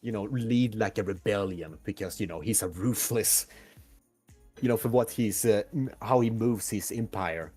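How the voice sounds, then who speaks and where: Guy rambling through a story idea, husky voice, lots of likes and you knows. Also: lowish voice, moderate pace, darkish tone, soft background music. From Sweden. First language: Swedish. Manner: rambling, loose and full of fillers. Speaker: podcast co-host. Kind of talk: casual chat, brainstorming a story idea.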